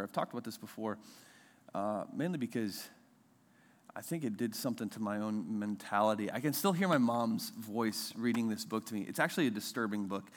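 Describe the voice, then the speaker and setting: A man in his thirties, a pastor, giving a conversational sermon and acting out quoted voices with big leaps in pitch.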